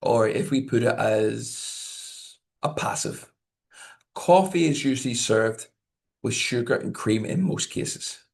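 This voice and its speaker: A man working as a language test examiner, teaching learners in a deliberate way, often checking in with "okay?" and acting out example sentences to show stress and intonation. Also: medium pitch, animated, vocal fry. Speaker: IELTS examiner giving tips.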